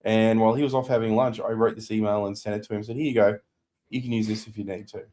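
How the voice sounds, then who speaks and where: A man's voice: on the low side, level tone, fast talker, dark tone. A man, co-hosting a business podcast, telling a client story in casual chat and acting out what people said.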